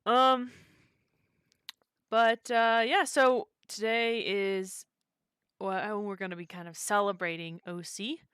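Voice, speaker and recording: A woman streamer talks casually and rambles with frequent fillers. Her voice is bright and crisp. The sound is dry and close. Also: medium pitch, steady tone, slow pace, long pauses, no echo. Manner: chatty, rambling with many fillers. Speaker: streamer and server host. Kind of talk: casual live-stream chat.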